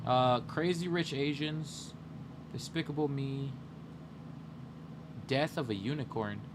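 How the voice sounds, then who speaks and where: A man's voice: medium pitch, slow, noisy background. A young man chatting casually to his livestream audience late at night while browsing movies. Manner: rambling, talks to chat while browsing.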